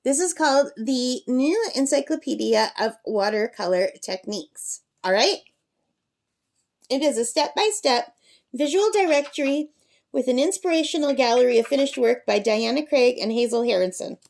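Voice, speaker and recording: A woman with a slightly high voice hosts her own craft channel. She talks chattily and enthusiastically, flipping through an art book and chatting to her parrot. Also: lively intonation, normal speed, vocal fry, a little mellow. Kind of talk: casual book review vlog. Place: at a campsite.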